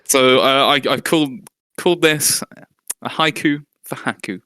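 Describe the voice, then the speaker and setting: A man's voice: medium pitch, normal speed, sharp tone, smooth, dry recording. A man co-hosting a podcast, joking through dry banter in casual chat. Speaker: podcast co-host.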